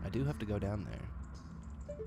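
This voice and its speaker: A man's voice: on the low side, measured pace, creaky. A young man playing a game on stream, chatting in an easygoing, teasing way. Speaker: streamer and voice actor. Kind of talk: casual chat while playing a game. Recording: steady background noise.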